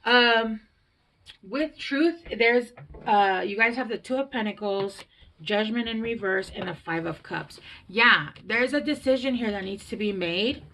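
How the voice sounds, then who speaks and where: A woman's voice: a little high, a little slow, a bit bright, a little hiss or hum. A woman giving a casual, rambling tarot reading, chatty and full of fillers. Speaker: tarot reader.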